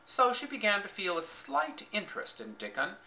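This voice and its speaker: A man's voice: high-pitched, normal speed, poor audio. A man reading a children's classic aloud as scripted narration, voicing each character in turn. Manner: expressive storytelling, voicing characters. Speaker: audiobook reader.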